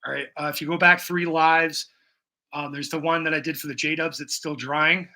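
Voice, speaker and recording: He speaks in a fairly high, steady voice at normal speed, sounding pushed and bright. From his bedroom, this painting livestream host talks to viewers casually while painting, full of rambling, jokes, and profanity.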